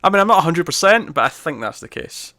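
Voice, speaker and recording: A man's voice: on the high side, sing-song, fast talker, bright, forceful tone, dry recording. Chatty laughing man, dry close mic. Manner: chatty, laughs often, self-correcting. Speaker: podcast co-host. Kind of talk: casual movie discussion.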